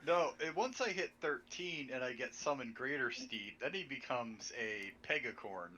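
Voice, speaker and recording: A man's voice: medium pitch, expressive, moderate pace, pushed and bright, slight background noise, poor audio. A man playing a tabletop game in casual chat, eager and enthusiastic about his character, heard over an online voice call. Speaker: player.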